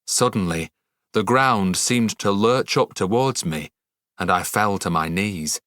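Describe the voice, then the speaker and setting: Low-voiced male audiobook narrator. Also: a little slow, fairly bright tone, no echo, clean studio sound. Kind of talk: first-person audiobook narration.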